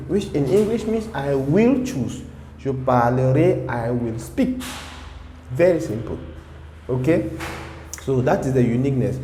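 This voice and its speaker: Brief: patient male French teacher, warm mellow tone, echoey room with a long reverb tail. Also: medium pitch, expressive, measured pace, slight background noise. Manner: patient, repeats examples, checks in with okay. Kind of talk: online language lesson.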